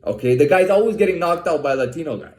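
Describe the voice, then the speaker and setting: A man's voice: a little high, animated, rapid-fire, darkish tone, reverberant. A man ranting in an agitated monologue, swearing a lot and restarting his sentences. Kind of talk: profane monologue to camera.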